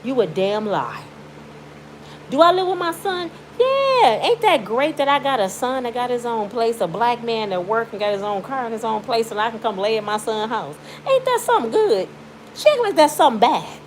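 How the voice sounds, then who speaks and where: A woman's voice: fairly high pitch, animated, brisk, a little hiss or hum, poor audio. A middle-aged woman from Michigan, a YouTuber, venting in an outspoken, pleading personal vlog from her bed at home. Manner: outspoken, pleading, swings from indignant to tearful. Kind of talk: emotional personal vlog rant.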